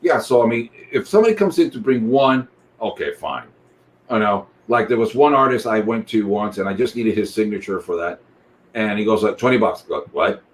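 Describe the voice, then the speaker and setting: A deep-voiced man with a Spanish accent, a guest artist chatting casually and rambling with jokes. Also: brisk, slight background noise. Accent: Spanish-accented English. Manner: rambling, joking, many fillers. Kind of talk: casual video chat.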